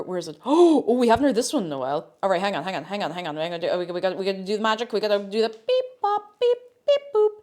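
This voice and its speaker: A woman's voice: medium pitch, darkish tone. A young woman chatting on a live cooking stream, bubbly and sing-song as she greets her chat from a home kitchen. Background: faint background music.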